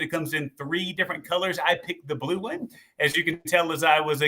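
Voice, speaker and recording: Upbeat bright-voiced man hosting a live show. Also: fairly high pitch. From Texas. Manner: upbeat, promotional, reads viewer comments. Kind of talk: casual live-stream chat.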